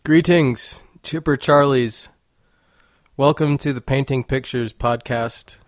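A young man hosts his own podcast, delivering a casual monologue at a slow pace in a mid-range voice. He rambles playfully and jokes throughout.

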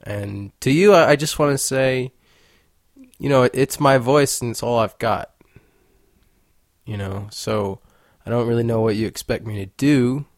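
On his own podcast, a young adult man talks in a mid-range voice at a measured pace, wandering through a casual, playful monologue full of jokes. The recording is dry, with clean studio sound.

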